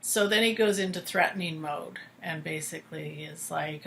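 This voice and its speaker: A woman's voice: deep voice, moderate pace, creaky, hardly any pauses, fairly bright tone. A woman co-hosting a podcast, discussing soap opera episodes in an engaged, analytical way. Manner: engaged, analytical, backchannels often. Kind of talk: casual chat.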